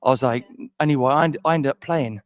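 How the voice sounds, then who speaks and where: A man's voice: mid-range voice, a little fast. A man co-hosting a podcast, telling a long self-deprecating story in a rambling way with many restarts. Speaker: podcast co-host. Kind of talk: casual storytelling chat.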